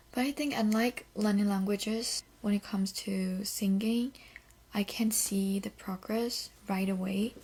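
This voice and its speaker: A woman's voice: mid-range voice, fairly even intonation, moderate pace, gravelly, a little mellow, breathy edge. A young woman with a Korean accent hosting a solo podcast, talking candidly and reflectively with a loose, conversational flow. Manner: candid, reflective, often starts with "so". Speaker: podcast host. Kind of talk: casual solo podcast talk.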